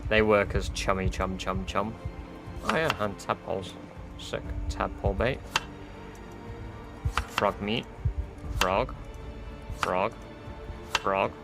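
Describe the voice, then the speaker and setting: A man's voice: on the low side, takes it slowly, gravelly, long pauses, loud music behind the voice. A man streaming a game, chatting casually and reading chat aloud with offhand swearing. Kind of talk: casual livestream chat while gaming.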